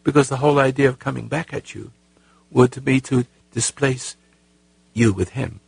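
Raspy, gravelly man hosting call-in radio. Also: mid-range voice, dry recording. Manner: halting, repeats words, earnest. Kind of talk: call-in advice talk.

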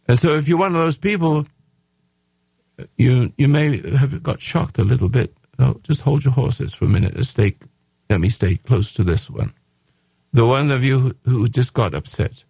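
Man, radio host, rough gravelly voice, a bit husky, emphatic preachy monologue, dry close sound. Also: medium pitch, animated, normal speed, pauses often, a little mellow, dry recording. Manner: emphatic, raising his voice, preachy. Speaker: radio talk show host.

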